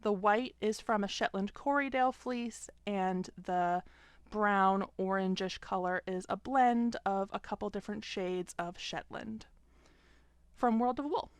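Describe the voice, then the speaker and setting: A young adult woman calmly explaining, step by step, how she washes hand knits at home, with an occasional "um". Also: medium pitch, a little slow, clean tone, no echo. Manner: calm, step-by-step explaining with frequent "um". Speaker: fiber arts vlogger. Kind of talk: casual tutorial narration.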